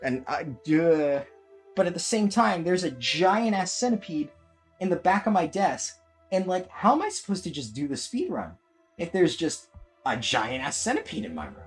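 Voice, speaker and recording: A young woman streamer giving casual gameplay commentary at her home desk, swearing a lot and turning panicky and excitable. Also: fairly low pitch, husky. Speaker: gaming streamer.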